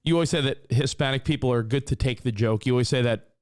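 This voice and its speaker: Rambling, animated male podcast co-host. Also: medium pitch, quick pace. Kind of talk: casual chat. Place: Los Angeles.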